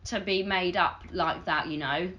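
A woman's voice: lowish voice, unhurried, bright, forceful tone, muffled recording. A woman chatting frankly about her modelling work, joking and laughing often. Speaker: model, podcast guest. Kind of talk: casual chat.

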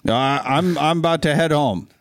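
A man's voice: fairly high pitch, moderate pace, no room sound, studio quality. A middle-aged man from Ohio co-hosting a podcast, telling self-deprecating stories in casual chat. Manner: animated, self-deprecating storytelling. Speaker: podcast co-host.

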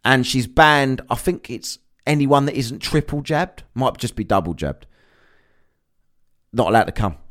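A man's voice: medium pitch, animated, measured pace, a bit bright. A man delivering a sarcastic, sweary ranting monologue as a vlogger.

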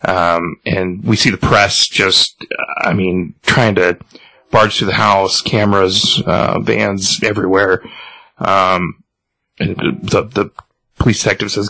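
A man casually retelling a comic book scene, halting with many ums and restarts. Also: low voice, steady tone, gravelly, bright, forceful tone, no echo, poor audio. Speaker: podcast host reading a comic aloud.

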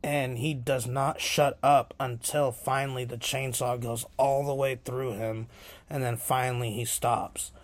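A man's voice: medium pitch, level tone, unhurried, no room sound. A man hosting his own podcast, rambling casually with many fillers. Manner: rambling, lots of filler ums. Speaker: podcast host.

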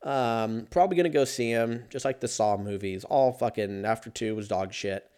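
A young adult man riffing in a rambling, profane, casual comedic monologue, breaking into laughs and sudden shouts. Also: on the low side, moderate pace, clean tone. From Los Angeles area.

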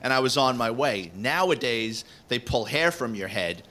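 A man, a retired police officer co-hosting a podcast, telling animated anecdotes and acting out the people he quotes. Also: medium pitch, normal speed. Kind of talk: casual storytelling chat.

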